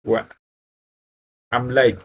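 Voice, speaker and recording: A young man learning English, speaking haltingly and searching for words, often apologizing in a casual practice conversation. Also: mid-range voice, fairly even intonation, muffled recording.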